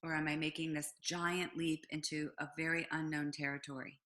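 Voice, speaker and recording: In an interview, a middle-aged woman who owns a business shares a personal story, filling it with "ums" and similar fillers and performing the quoted lines with animation. She has a low voice and talks at normal speed.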